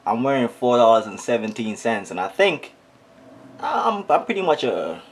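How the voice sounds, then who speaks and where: A man's voice: medium pitch, moderate pace, slight background noise. Trinidadian man telling a comic story. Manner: animated, exaggerated, joking. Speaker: comedic vlogger. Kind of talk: comedic storytime.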